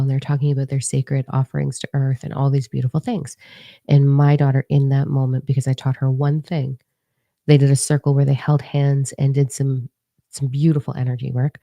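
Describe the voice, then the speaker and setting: A woman's voice: rumbling low, gravelly, no echo, highs cut off. A middle-aged woman from Canada, a spiritual coach who talks bluntly and profanely in a casual motivational monologue. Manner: blunt, profane, animated storytelling.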